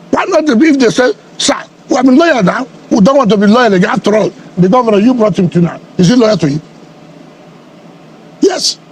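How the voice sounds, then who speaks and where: A man's voice: extremely high pitch, a little mellow, husky. A middle-aged man from Nigeria, a politician answering in a heated media interview, combative and repeating his questions for emphasis.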